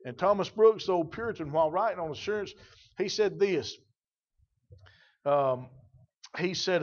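Male preacher, fairly high voice, emphatic sermon delivery with slow stressed readings, muffled lo-fi sound. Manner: emphatic preaching, slows to stress scripture, repeats phrases.

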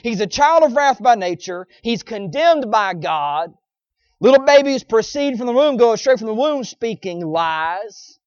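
A man's voice: very high-pitched, big pitch swings, measured pace, dry recording. A man preaching a sermon in a folksy, emphatic style, with sarcastic asides to his congregation, on a dull lo-fi recording.

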